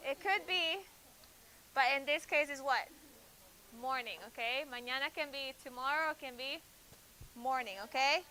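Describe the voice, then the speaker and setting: Young woman, classroom Spanish teacher, high-pitched, drills words with brief asides. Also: bright, forceful tone, low-quality recording. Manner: drills vocabulary, quick asides to students.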